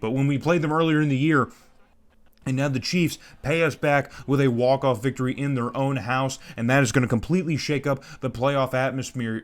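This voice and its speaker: A man casually calling play-by-play over his own football video game, excitable, tripping over names and tacking "man" onto his lines. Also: mid-range voice. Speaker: gaming YouTuber commentating his own franchise game.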